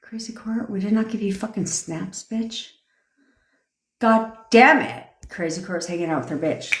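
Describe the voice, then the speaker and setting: In a roomy, echoey space, a manifestation coach with a medium-pitched voice rants on a livestream at a slightly slow pace. She's blunt and profane, cheering on viewer comments as she talks.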